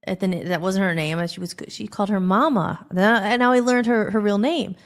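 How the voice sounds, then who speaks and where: A woman hosting a podcast, telling a personal story in a rambling, animated way, acting out the dialogue. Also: medium pitch, normal speed. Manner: rambling, animated, acts out quoted dialogue with filler "like". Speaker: podcast host.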